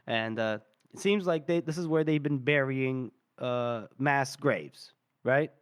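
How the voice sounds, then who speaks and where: A man co-hosting a book podcast casually retells scenes, voicing the characters' lines in quick quotes between bouts of laughter. His voice is medium-pitched and smooth.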